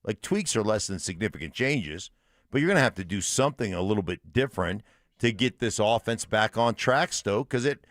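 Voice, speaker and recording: A man co-hosting a morning sports radio show, weighing his points in a measured way. His pitch moves a lot as he talks. The studio sound is dry and close. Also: lively intonation, fairly bright tone, no room sound.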